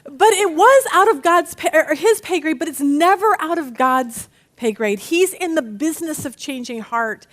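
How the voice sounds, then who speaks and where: A woman teaching a Bible study lesson, talking to her listeners in an animated way and acting out the quotes she reads. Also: high voice, normal speed. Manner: animated teaching with dramatic read-aloud voices.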